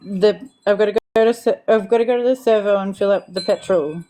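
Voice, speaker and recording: A woman's voice: mid-range voice, fairly quick, dark tone. Australian woman, casual livestream chatter, teasing coach. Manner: laughs often, coaching others through phrases. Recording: livestream call audio.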